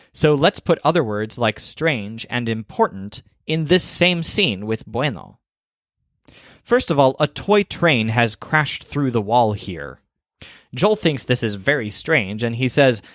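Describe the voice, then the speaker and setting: A man narrating a scripted language lesson, explaining clearly and slowing down for example phrases. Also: medium pitch, expressive, fairly bright tone, no echo, studio quality. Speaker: language teacher.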